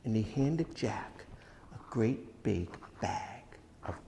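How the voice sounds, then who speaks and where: A male storyteller spinning a folk tale at an unhurried pace, leaning on dramatic pauses and dropping to hushed asides. The recording sits in an echoey hall with a long reverb and faint noise. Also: fairly low pitch, animated, creaky.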